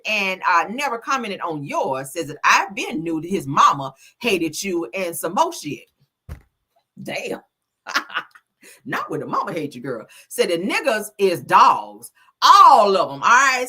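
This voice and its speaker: Woman gossip host, sassy and lively, bright tense voice, swooping pitch. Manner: sassy, animated, drops asides like "child" and "girl". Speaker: commentary channel host. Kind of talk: casual gossip commentary, reading posts aloud. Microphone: streaming desk mic.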